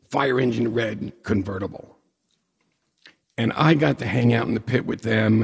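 A man's voice: medium pitch, vocal fry, husky. A man in his forties or older, telling a personal story with humor and acting out the dialogue. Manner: animated, self-mocking, acts out dialogue. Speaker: storyteller on stage. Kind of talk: personal story told to an audience. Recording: long hall reverb.

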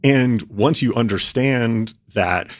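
A man answering interview questions, laying out his points in a measured, methodical way. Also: mid-range voice. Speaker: policy expert guest.

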